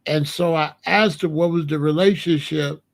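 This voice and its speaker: A man's voice: fairly high pitch, fairly even intonation, normal speed, creaky. A man hosting a casual commentary show in an African American accent, rambling and retelling conversations with many repeats and restarts. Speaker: host.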